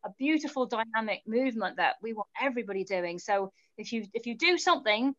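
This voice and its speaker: Fast, high-voiced eager woman. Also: expressive, fairly bright tone, muffled recording. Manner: eager, emphatic, repeats for stress. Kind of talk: casual webinar answer.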